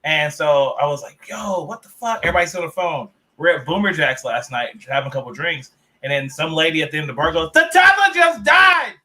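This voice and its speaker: Bright, high-voiced man co-hosting a podcast. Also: fast, few pauses, rough recording. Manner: lively, swearing storyteller. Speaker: podcast co-host. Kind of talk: casual sports podcast chat.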